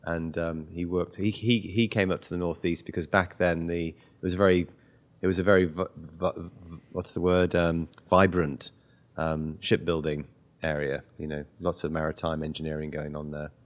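A man from northeast England with a British accent, talking as an interview guest and often pausing to search for words. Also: low-pitched, level tone. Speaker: guest, company founder. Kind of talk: casual interview talk.

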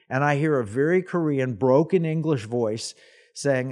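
A man hosting a faith talk show, telling a personal story in an animated way and acting out the people in it. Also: medium pitch, unhurried. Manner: animated storyteller, acts out quoted voices. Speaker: host. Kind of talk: casual storytelling chat.

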